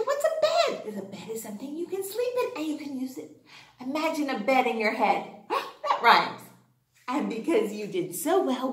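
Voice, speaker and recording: A woman teaching young children a phonics lesson, animated and sing-song, gasping with wonder and cheering them on. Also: sits high, heavy reverb, far from the mic. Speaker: kindergarten teacher.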